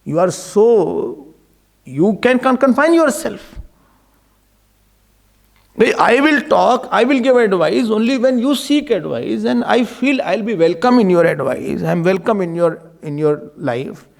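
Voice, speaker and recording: A man's voice: high voice, big pitch swings, measured pace, gravelly. A man giving an impassioned devotional discourse as a spiritual teacher, pleading and exhorting his listeners. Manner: impassioned, mixing in Hindi verses and pleading cries.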